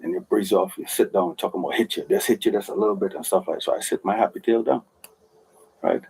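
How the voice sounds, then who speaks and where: A man's voice: low voice, fast talker, creaky, a little mellow, breathy edge, rough recording. A man with a Jamaican accent insistently telling his side of a dispute, often adding "right?" to seek agreement.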